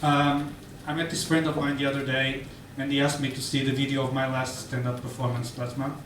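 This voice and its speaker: A man's voice: medium pitch, flat delivery, brisk, fairly bright tone, slight background noise. A man performing a live stand-up set in a bar, hesitant with stammering restarts. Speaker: stand-up comedian. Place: bar stage, indoors. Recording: roomy, distant mic, faint ambience.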